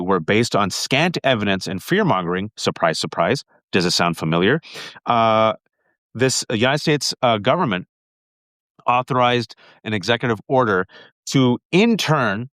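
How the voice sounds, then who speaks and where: A man hosting a political livestream, talking fast and emphatically, often repeating his points. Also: mid-range voice, fairly bright tone, dry recording, studio quality.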